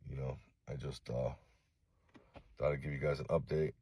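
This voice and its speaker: A middle-aged man from Los Angeles making a direct-to-camera apology video, halting and remorseful, swearing often. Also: extremely low pitch, fairly even intonation, a little mellow, breathy edge. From Los Angeles, USA. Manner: halting, remorseful, heavy swearing, frequent fillers. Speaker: vlogger.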